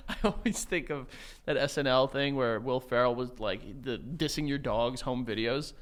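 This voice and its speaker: A man's voice: mid-range voice, moderate pace. A man in his thirties co-hosting a podcast in casual chat, telling family stories with lots of laughter and swearing. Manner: laughing, animated storyteller, swears often. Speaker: podcast co-host.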